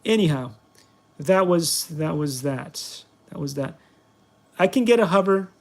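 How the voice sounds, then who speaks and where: A man's voice: a little high, lively intonation, a little slow, gravelly. A man hosting his review vlog, chatting in a playful, self-mocking and rambling way while flying a toy. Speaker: product reviewer, channel host. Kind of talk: casual vlog commentary while playing.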